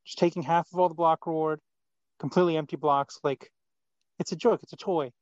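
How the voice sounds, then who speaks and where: A man's voice: on the high side, steady tone, fairly quick, dry recording. A man as a podcast guest, blunt and dismissive in casual chat. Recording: dull lo-fi sound.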